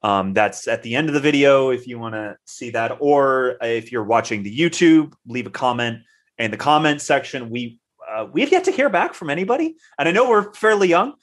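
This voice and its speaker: A man's voice: medium pitch, expressive, normal speed. Hesitant male podcast co-host. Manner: hesitant, many fillers. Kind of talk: casual chat.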